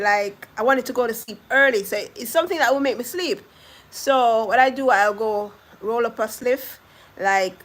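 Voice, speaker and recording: A woman's voice: medium pitch, a bit bright, slight background noise. A young Jamaican woman with a Jamaican accent chatting casually on a live stream, laughing often as she answers viewers' comments. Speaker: vlogger reading live comments.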